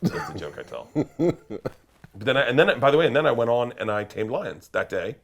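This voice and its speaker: A man, an interview guest, telling a story in a loud, excitable way, swearing and breaking into shouted quotes. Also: medium pitch, a little fast, gravelly. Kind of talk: animated storytelling.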